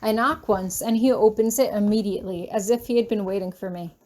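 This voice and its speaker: A woman who reads fan fiction aloud, narrating a first-person story in a steady, soft-spoken way. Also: mid-range voice, a little fast.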